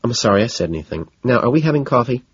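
A man's voice: medium pitch, big pitch swings, racing, breathy edge, voice pushed up. A man reading aloud and voicing a petulant, dismissive young socialite woman in a storybook, heard on a slightly dull recording. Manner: dismissive and indignant.

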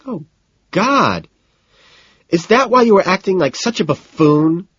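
A high-strung rich young woman whines and wails in a lifted, swooping voice, as a male reader puts her on. The audio sounds dry and a bit dull, like a plain booth recording. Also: wildly swooping pitch, slow pace, husky, no echo, full character voice. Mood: wailing. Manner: whining, exasperated, melodramatic. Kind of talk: audiobook character voice.

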